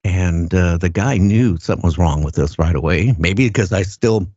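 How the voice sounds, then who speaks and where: An older man with a very low voice tells his story in a plain, earnest way. He stops and restarts, often repeating words as he goes. The sound is dull and lo-fi and very dry, with no room around it. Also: moderate pace, darkish tone, breathy edge, no echo. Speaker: guest recounting an encounter. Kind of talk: casual first-person storytelling.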